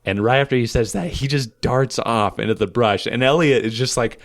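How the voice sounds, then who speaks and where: A man co-hosting a podcast, telling a history story in a casual, animated way and often laughing. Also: medium pitch, brisk, no room sound, clean studio sound. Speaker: podcast co-host.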